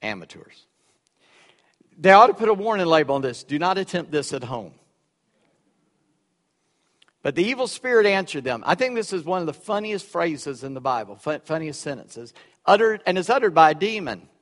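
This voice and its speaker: High-voiced pastor preaching in a reverberant hall. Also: male voice, very animated, brisk. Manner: dynamic, swings from loud emphasis to quiet asides. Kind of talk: sermon. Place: church sanctuary. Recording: echoey hall with long reverb.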